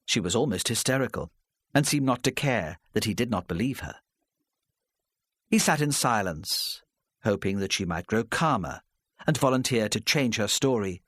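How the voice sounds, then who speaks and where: Brief: male narrator for a crime audiobook, expressive and varied in pitch. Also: moderate pace, no echo, clean studio sound.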